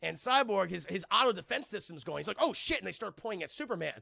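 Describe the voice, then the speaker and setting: A man casually retelling a film scene by scene for his live chat, animated and profane, often acting out the characters. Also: high voice, quick pace, gravelly, no room sound, studio quality. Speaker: film reviewer and streamer.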